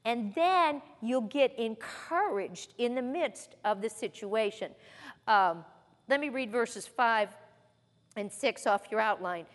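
A woman's voice: a little high, animated, takes it slowly. A woman giving a folksy, conversational Bible teaching in a church hall, mixing scripture readings with personal stories. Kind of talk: sermon-style Bible teaching.

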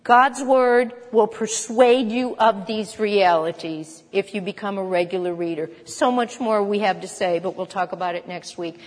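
A woman's voice: mid-range voice, steady tone, big-room sound. A woman preaching a sermon, emphatic, asking rhetorical questions and repeating phrases for stress. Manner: emphatic, rhetorical questions, rapid mock chanting.

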